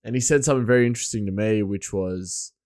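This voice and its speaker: Hoarse man rambling on his podcast. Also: fairly low pitch, fast talker, a little mellow, no room sound, studio quality. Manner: rambling, chuckling, loose. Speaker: podcast host. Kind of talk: casual podcast monologue.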